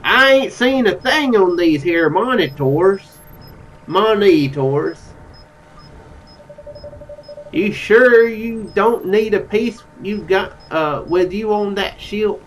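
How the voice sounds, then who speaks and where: A man's voice: high-pitched, animated, slow pace, a bit bright, far from the mic, voice pushed up, heavily acted, rough recording. A man reading out a drawling Southern spaceship crewman. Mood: easygoing.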